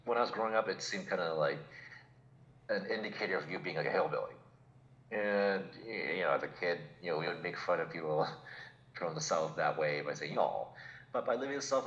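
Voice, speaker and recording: New england guy on a chatty podcast, really deep voice, kinda thoughtful, roomy echo. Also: sharp tone. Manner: reflective, picks words carefully. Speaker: podcast co-host. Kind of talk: casual chat. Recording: echoey room.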